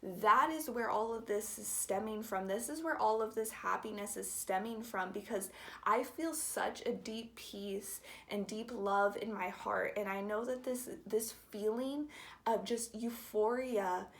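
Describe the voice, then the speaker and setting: A young woman telling a personal story in a soft, halting, heartfelt way, sometimes dropping to a whisper. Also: medium pitch. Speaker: vlogger.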